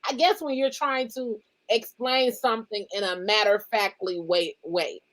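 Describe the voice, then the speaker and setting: A woman's voice: medium pitch, steady tone, moderate pace, fairly bright tone, low-quality recording. A woman chatting casually as a guest, playful and laughing often. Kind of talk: casual chat.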